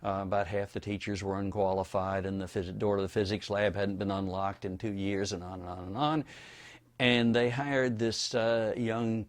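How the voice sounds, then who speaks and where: A man's voice: fairly low pitch, flat delivery, moderate pace. Older man telling wry stories. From Florida. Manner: storytelling, wry and anecdotal. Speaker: interviewee. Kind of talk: oral history interview.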